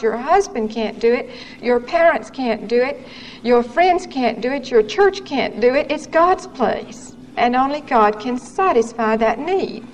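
A woman's voice: on the high side, rough recording. Earnest woman giving a personal testimony. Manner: earnest, candid storytelling with quoted dialogue. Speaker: testimony speaker. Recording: faint background noise, 1970s recording.

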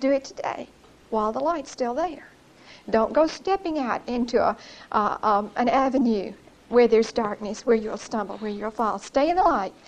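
A woman's voice: high voice, a little mellow, lo-fi sound. A woman giving an informal Bible study in a church, earnest and conversational, often repeating her phrases.

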